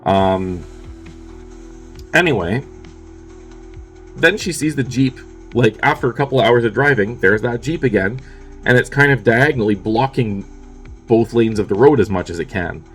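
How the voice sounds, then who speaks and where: A man's voice: mid-range voice, animated, moderate pace, long pauses, soft background music. A man casually recapping a movie plot for his review show, offhand and peppered with swearing and fillers.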